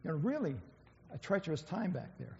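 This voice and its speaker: A man's voice: fairly high pitch, big pitch swings, a little fast, creaky, mellow. A man giving an informal sermon, speaking conversationally with many fillers and restarts. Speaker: church speaker. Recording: dull, echoey church hall.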